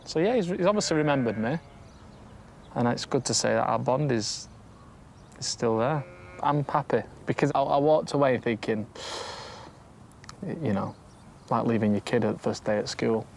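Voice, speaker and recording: A man in his thirties with an Oldham accent, chatting excitedly on camera outdoors on a farm and laughing often, with music underneath. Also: mid-range voice, normal speed, gravelly, long pauses, slight background noise. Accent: Oldham, northern English. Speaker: first-time farmer, presenter. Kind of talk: casual on-camera chat. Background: background music.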